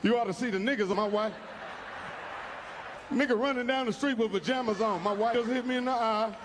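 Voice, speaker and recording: High-voiced crude stand-up comedian. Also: male voice, fairly quick. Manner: crude, rowdy storytelling full of profanity. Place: large theater stage with a live audience. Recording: reverberant live hall, audience noise.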